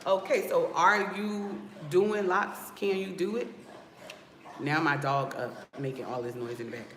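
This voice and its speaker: A woman from Newark with a West Coast hip-hop inflected American accent, a loc stylist talking casually to her livestream viewers, sassy and animated. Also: on the low side, unhurried, slight background noise. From Newark, New Jersey. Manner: sassy, animated, addresses viewers with "y'all" and "okay?". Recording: roomy echo with faint background ambience.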